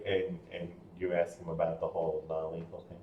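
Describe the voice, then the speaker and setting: Laughing game master in a roomy space. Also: male voice, deep voice, completely flat delivery, lo-fi sound. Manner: laughs often, halting with fillers. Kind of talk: narrating a tabletop game. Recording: roomy with faint background hum.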